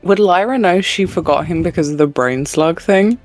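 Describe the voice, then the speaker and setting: A woman's voice: fairly low pitch, moderate pace, no echo, faint music behind. A woman player in a tabletop role-play who hesitantly describes her character's actions, with many fillers and laughs.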